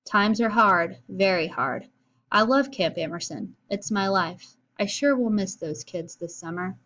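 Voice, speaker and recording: A woman's voice: medium pitch, a little slow, a bit bright, close to an everyday voice. A woman reading the lines of a worried old grandfather from a storybook, with little inflection. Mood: sad. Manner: plainly read, little inflection. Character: worried old grandfather losing his camp.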